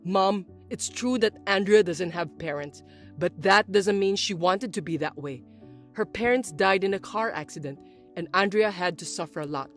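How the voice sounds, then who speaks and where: Woman voicing a calm, patient grown son. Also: normal speed, faint music behind, natural voice. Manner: low, patient and reasoning. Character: calm grown son and husband, young man. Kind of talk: scripted story voice-acting.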